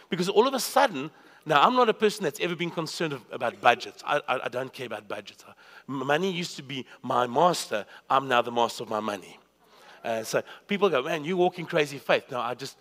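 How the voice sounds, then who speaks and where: A man preaching a sermon, swinging from loud, high bursts to hushed, low asides. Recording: long reverb of a hall.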